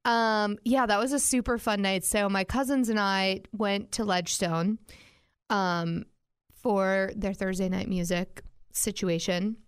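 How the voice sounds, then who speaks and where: A woman's voice: medium pitch, fairly even intonation, measured pace, clean tone, no echo, studio quality. A young woman in casual chat, easygoing and joking, with many fillers. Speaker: podcast co-host.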